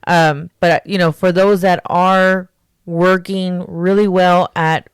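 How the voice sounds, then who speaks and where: A woman co-hosting a casual chat podcast, blunt and quick to laugh, swearing freely. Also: lowish voice, little pitch movement, clear, resonant tone, no echo, studio quality. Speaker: podcast co-host.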